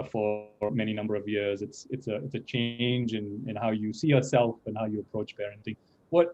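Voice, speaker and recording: Man, moderator, mellow voice, hesitant with fillers, muffled lo-fi sound. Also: medium pitch. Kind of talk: interview questions. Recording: muffled lo-fi audio.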